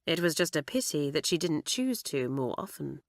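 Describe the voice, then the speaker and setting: A woman reading a children's audiobook aloud in an expressive way, close to the mic. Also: low-pitched, normal speed, dry recording. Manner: expressive, animated. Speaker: audiobook narrator.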